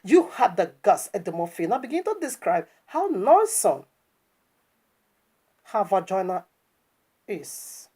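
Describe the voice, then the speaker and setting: A woman's voice: mid-range voice, very animated, slow, pauses often, mellow, slightly rough. A woman preaching online in an impassioned, scolding commentary that is full of rhetorical questions and stammered restarts.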